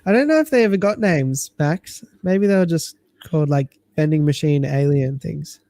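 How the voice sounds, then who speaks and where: A host chatting on a livestream in a relaxed, rambling way. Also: medium pitch, moderate pace, no room sound. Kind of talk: casual chat.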